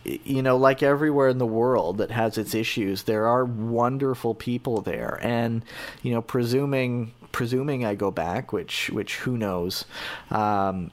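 A man's voice: medium pitch, measured pace. Hesitant Canadian man telling travel stories. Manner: rambling, hesitant, many fillers and restarts. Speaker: podcast guest. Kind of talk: casual podcast chat.

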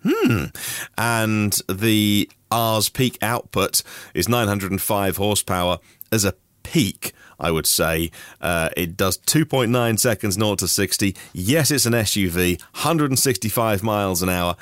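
A man's voice: on the low side, a little slow, a bit bright, no room sound, studio quality. A man from Norfolk hosting a daily news podcast, reading through stories in a chatty way with personal asides. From Norfolk, England. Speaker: podcast host.

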